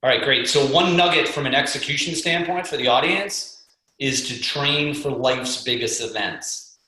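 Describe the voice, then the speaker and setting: A middle-aged man tells stories with motivational energy, voicing the people in them. His voice is bright and forceful. The call audio is heavily echoey. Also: medium pitch, moderate pace. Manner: energetic, motivational, acts out quotes. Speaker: guest speaker and fitness coach. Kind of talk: storytelling on a conference call. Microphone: video call.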